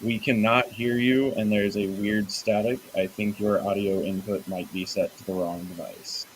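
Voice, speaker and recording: A man's voice: lowish voice, level tone, normal speed, slight background noise. A man hosting a casual online question-and-answer chat, upbeat and teasing his guests. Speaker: AMA host.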